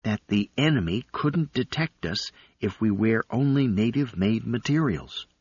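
A man voicing a young female uplifted chimp who is fiery and frightened, with a sharp, pleading delivery. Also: mid-range voice, expressive, fairly quick, breathy edge, no room sound, pitched above the performer's own voice. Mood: forced calm. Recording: slightly dull recording.

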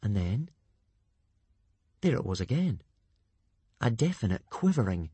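A man reading a story aloud with lively, dramatic narration. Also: lowish voice, unhurried, breathy edge, no echo.

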